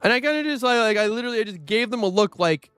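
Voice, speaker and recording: A young man with a high, light, smooth voice chats loosely during a gaming livestream, expressive and rapid-fire. He swears freely and trails off into fillers. The dry, close recording has soft music underneath.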